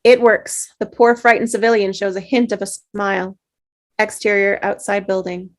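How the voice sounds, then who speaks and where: A woman reads the stage directions of a script in an even, matter-of-fact manner. Her pitch sits in the middle range, and it is a table read done over a video call. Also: moderate pace. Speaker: narrator reading stage directions.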